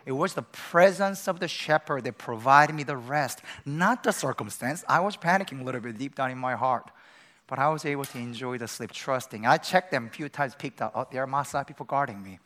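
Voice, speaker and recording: A man preaches to students, middle-pitched and lively. He swings between quiet reflective lines and sudden loud, excited bursts as he tells a story. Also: brisk. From Korea. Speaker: pastor. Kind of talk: sermon.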